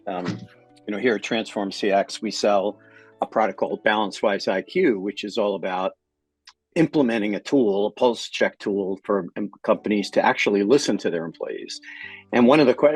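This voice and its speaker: A man with a husky, slightly breathy voice talks through workplace stories on a podcast he co-hosts. His manner is loose and animated, and he slips into quoted voices as he goes, over faint background music. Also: fairly low pitch, dry recording. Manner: animated storyteller, acts out quotes, swears casually. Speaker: podcast co-host. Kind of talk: casual business chat.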